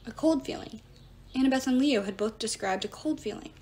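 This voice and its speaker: A woman's voice: fairly high pitch, brisk, a little mellow, slight background noise. A woman reading a novel aloud, narrating expressively and switching into the characters' voices.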